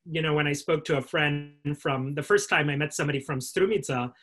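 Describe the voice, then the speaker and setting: A man's voice: a little high, fairly quick, fairly bright tone. A man hosting an interview over a video call, telling stories in a hesitant way with many fillers and restarts. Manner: hesitant, filler-heavy storyteller. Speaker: host, interviewer.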